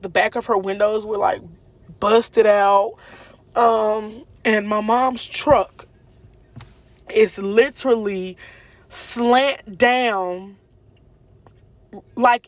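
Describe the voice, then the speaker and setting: Woman vlogger, lively storyteller, dry close sound. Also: no room sound. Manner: animated, acts out quotes with jumps in pitch, speaks fast and slow by turns. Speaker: vlogger telling a personal story. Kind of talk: casual storytelling to viewers.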